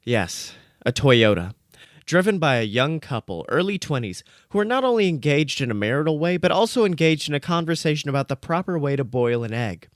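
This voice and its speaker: A man reading out comic fan fiction in a dry, deadpan narrating voice. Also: fairly high pitch, brisk, no echo.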